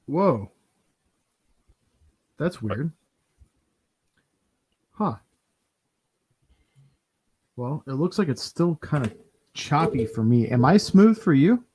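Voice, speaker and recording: A man's voice: on the high side, very animated, takes it slowly, long pauses, darkish tone, husky. A man hosting a casual talk show, chatting loosely with many fillers and restarts. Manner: rambling, lots of fillers and restarts. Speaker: podcast host. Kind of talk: casual chat.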